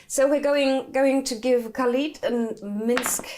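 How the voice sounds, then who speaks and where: A woman narrating as dungeon master in a tabletop role-playing game, lively and laughing often. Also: high voice, slow pace, slight background noise.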